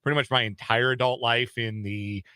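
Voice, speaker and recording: A man from Colorado chatting easygoingly on sports radio, laughing often and hesitating with fillers. His voice sits mid-pitch with a bright, forceful tone. It comes across dry and close. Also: fairly even intonation, moderate pace, clean tone, no echo. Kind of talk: casual sports radio banter. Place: radio studio.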